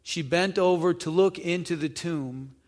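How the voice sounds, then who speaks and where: A man preaching, reading scripture aloud and explaining it conversationally, pausing to ask the listeners questions. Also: on the high side, a little mellow. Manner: reads verses then explains them conversationally, asking questions. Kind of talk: Bible teaching, reading scripture with commentary. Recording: long hall reverb.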